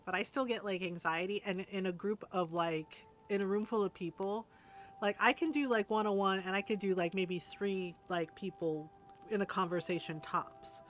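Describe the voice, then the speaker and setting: A woman's voice: medium pitch, fairly even intonation, moderate pace, soft background music. A woman streamer chatting candidly over gameplay, laughing often and swearing casually.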